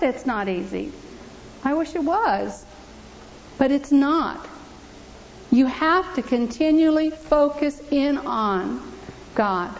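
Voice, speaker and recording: A woman's voice: high voice, lively intonation, slow, gravelly, long pauses, a little hiss or hum. A woman giving an earnest, emphatic church testimony, repeating scripture aloud, in a church. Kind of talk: testimony and preaching. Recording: dull lo-fi recording.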